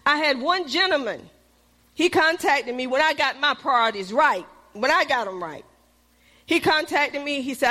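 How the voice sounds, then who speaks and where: A middle-aged woman preaching a sermon, calling out to the congregation and dropping at times to a hushed whisper. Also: high-pitched, lively intonation, normal speed. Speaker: pastor.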